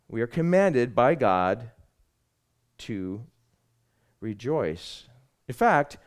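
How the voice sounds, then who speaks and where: A male pastor delivers a Sunday sermon with a very lively, swooping voice. He swings from loud, stressed lines down to soft, hushed asides, speaking straight to the congregation. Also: medium pitch.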